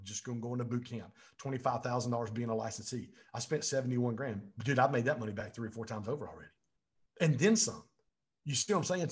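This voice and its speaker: A real estate business coach with a mid-range voice tells his story as an interview guest. He's intense and emphatic, repeating phrases for weight.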